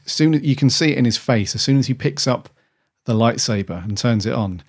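A man's voice: medium pitch, brisk. A man co-hosting a podcast, chatting casually and rambling with restarts. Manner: rambling, with many restarts and "dude". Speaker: podcast co-host. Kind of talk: casual chat.

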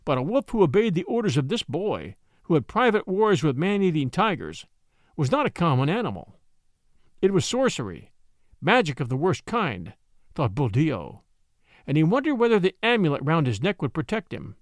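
Expressive male storybook narrator. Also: on the high side, moderate pace, no room sound, clean studio sound. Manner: expressive, acts out the voices.

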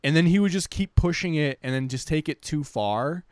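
A man's voice: on the high side, lively intonation, moderate pace, no echo, clean studio sound. A young man telling rambling, profane stories on a casual podcast, full of fillers. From Detroit area, Michigan. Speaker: podcast co-host.

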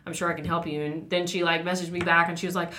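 A woman with a bright, forceful voice chats on a podcast, spinning an animated story. She acts out the other people in it as she goes. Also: fairly low pitch, fast, slight background noise. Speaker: radio host. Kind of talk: casual podcast chat.

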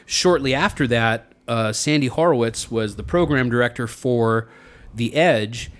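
A man on a radio show, telling long stories in a relaxed, rambling way and laughing often. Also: medium pitch, measured pace. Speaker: radio host. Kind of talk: casual chat.

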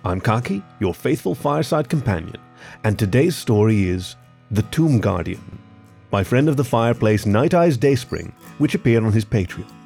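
A man hosting a podcast and narrating a story in a lively, expressive reading style. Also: lowish voice, moderate pace, gravelly, soft background music.

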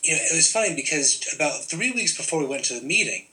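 A man with a very bright, forward voice recounts a personal story. His telling is loose and rambling, full of "you know" and restarts. The delivery is conversational and unscripted. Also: on the high side, animated, fast, rough recording. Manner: rambling, many fillers and restarts. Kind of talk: casual storytelling.

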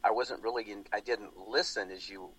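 A man's voice: on the low side, steady tone, moderate pace, over a noisy crowd, poor audio. A man hosting a talk show, rambling animatedly with lots of restarts in casual political chat. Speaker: radio show host.

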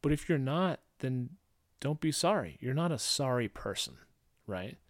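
A man's voice: medium pitch, sing-song, unhurried, no echo. Casual man talking candidly, dry sound. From St. Louis. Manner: loose and conversational, many fillers, acts out quoted voices. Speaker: podcast host. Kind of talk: casual solo podcast talk.

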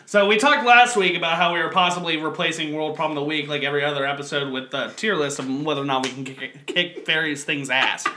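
A man's voice: fairly high pitch, fast, few pauses, a little hiss or hum. A young man hosting a casual podcast, telling stories with lots of laughing and swearing. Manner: laughs often, swears freely, animated storytelling. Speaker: podcast host.

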